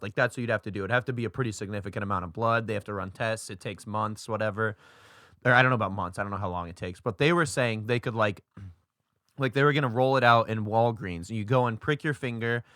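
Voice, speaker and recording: A man's voice: fairly low pitch, fairly bright tone, dry recording, studio quality. A young man co-hosting a casual podcast, rambling through a story with lots of fillers and swearing. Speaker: podcast co-host. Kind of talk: casual chat.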